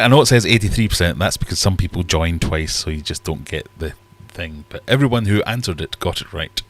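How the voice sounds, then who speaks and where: A man's voice: low voice, lively intonation, fairly quick, few pauses. A man hosting a casual live-stream quiz, chatty and joking as he reads out the questions. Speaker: livestream quiz host.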